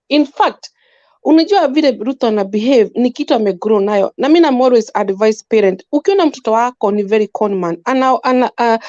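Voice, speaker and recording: A woman with a Kenyan accent speaks with fervent, repetitive emphasis. Her voice sits high, and it is captured close and dry. The audio is dull and lo-fi. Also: a little mellow, no room sound. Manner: emphatic, repetitive, mixes in Swahili. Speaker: panel guest. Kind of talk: impassioned political opinion.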